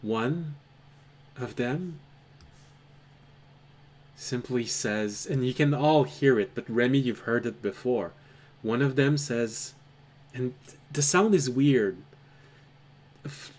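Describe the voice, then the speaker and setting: A man runs a tabletop game, narrating a scene in an unhurried, drawn-out way. His voice sits at an ordinary middle pitch, and his storytelling is measured and dramatic. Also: darkish tone. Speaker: game master.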